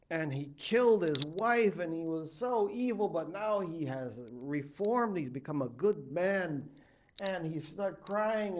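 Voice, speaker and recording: A man from a Native American tribe, a college literature instructor telling a legend in an animated lecture, acting out the characters. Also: fairly high pitch, muffled recording. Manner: animated, acts out the characters' voices. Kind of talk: storytelling lecture.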